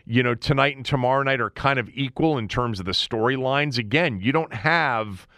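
A man's voice: mid-range voice, normal speed, a bit bright, dry recording, clean studio sound. A man hosting a casual sports betting chat, talking loosely with fillers and restarts. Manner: conversational, frequent fillers and restarts. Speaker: sports betting show host.

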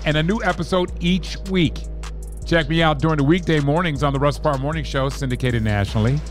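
A man's voice: on the high side, brisk, soft background music. A man hosting a podcast, delivering an indignant, sarcastic political rant with heavy emphasis. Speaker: podcast host.

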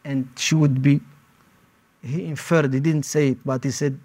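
A man giving personal testimony as an interviewee, speaking in short, halting phrases. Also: mid-range voice, level tone, darkish tone. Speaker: interviewee recounting detention.

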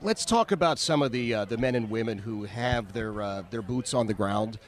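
A man's voice: lowish voice, moderate pace. A male radio talk show host interviewing a guest in a folksy way, with many filler sounds and leading questions.

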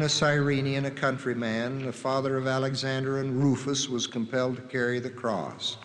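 A man slowly and solemnly reading scripture passages aloud, naming the gospel after each one, his voice heard from a distance in a reverberant hall. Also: medium pitch, slight background noise. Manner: slow, measured, solemn reading with drawn-out quotes.

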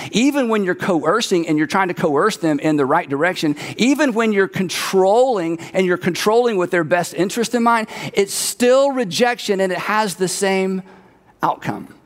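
A man's voice: high-pitched, in a large hall. A man preaching a conversational sermon, repeating words for emphasis. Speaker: pastor.

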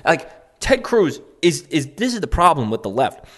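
A man with a fairly high, very animated voice at a moderate pace reads out online posts as a political commentator. His casual commentary wanders, mocks and drips sarcasm, sprinkled with "um" and "like" and sometimes laughter.

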